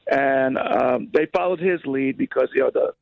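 A man's voice: mid-range voice, moderate pace, vocal fry, no room sound. An American man from New Jersey calling in as a guest author, jokey and enthusiastic. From United States. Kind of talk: phone interview. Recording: dull phone line.

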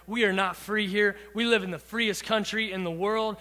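A man's voice: high voice, steady tone, moderate pace, bright, forceful tone. A man preaching to a youth group, earnestly talking through song lyrics line by line. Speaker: youth pastor. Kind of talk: sermon. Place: church hall. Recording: reverberant hall.

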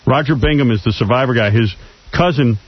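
A man's voice: mid-range voice, a little fast, breathy edge. A male radio host, brash and teasing, running a call-in talk show. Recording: dull lo-fi radio audio.

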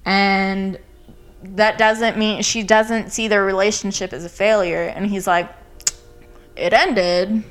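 A woman's voice: medium pitch, flat delivery, a little slow, fairly bright tone, smooth. Blunt podcast co-host, woman, casual and irritated, salty language. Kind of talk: casual chat recapping a TV show.

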